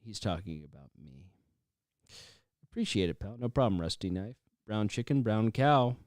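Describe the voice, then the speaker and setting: A man's voice: fairly low pitch, expressive, moderate pace, a little mellow, no echo, clean studio sound. A man co-hosting a casual livestream, joking and bantering with viewers.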